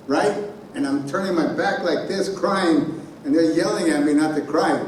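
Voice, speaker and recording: A man giving a keynote speech in a conference hall, telling a personal story in an animated way and sounding out noises himself. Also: a little high, normal speed, slight background noise. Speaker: keynote speaker. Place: conference hall on a college campus. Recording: very echoey hall from far off.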